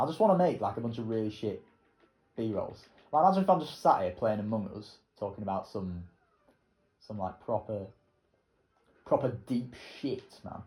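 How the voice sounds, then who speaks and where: A man's voice: lowish voice, darkish tone, roomy sound. A young man, rambling casually and swearing as he comments while playing a racing game. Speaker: gaming video creator.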